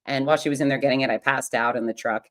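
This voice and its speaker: Low-voiced, frank woman telling a story. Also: very fast. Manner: frank, humorous, confiding and animated. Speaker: podcast host. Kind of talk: candid personal storytelling.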